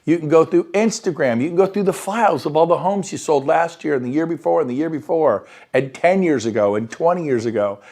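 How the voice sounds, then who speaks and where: A man coaching real estate agents on prospecting, talking with high enthusiasm and acting out quoted phone calls. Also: brisk, hardly any pauses, a little mellow. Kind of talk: motivational coaching talk. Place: Sacramento area.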